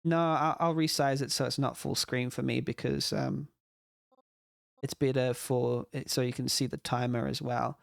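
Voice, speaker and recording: A man's voice: medium pitch, steady tone, moderate pace, vocal fry, no echo, clean studio sound. A man judging a game jam entry on a livestream, talking casually and reacting aloud to each guess as he plays. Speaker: game jam judge and streamer. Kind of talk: casual let's-play commentary.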